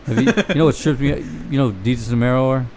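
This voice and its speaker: A man's voice: mid-range voice, steady tone, very fast, darkish tone, slight background noise. Profane laughing man in casual chat. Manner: profane, laughing, acts out quotes.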